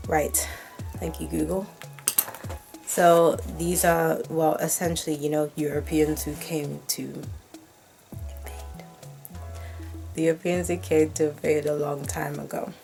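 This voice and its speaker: A woman's voice: low voice, creaky. A woman from Britain vlogging in a chatty, rambling way, correcting herself mid-sentence and tossing in wry asides. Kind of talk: casual talking-head commentary.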